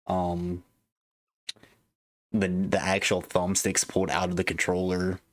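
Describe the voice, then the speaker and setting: A man co-hosting a casual gaming podcast, laid-back and halting, with lots of fillers and restarts. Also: deep voice, completely flat delivery, dry recording. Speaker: podcast co-host.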